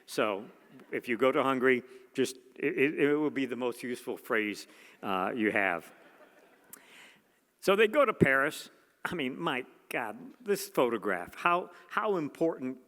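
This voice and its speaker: A man's voice: medium pitch, expressive, measured pace, fairly bright tone. A man giving a museum gallery talk to an audience, enthusiastic and exclamatory, with many fillers and restarts. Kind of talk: lecture to an audience. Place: museum lecture hall. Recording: long hall reverb.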